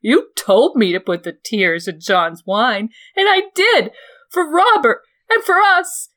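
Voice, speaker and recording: A woman's voice: animated, slow, a bit bright. A woman voicing a hysterical, jealous noblewoman who weeps and pleads, in a dramatic book reading. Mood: sobbing. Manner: shrill, sobbing, pleading outbursts.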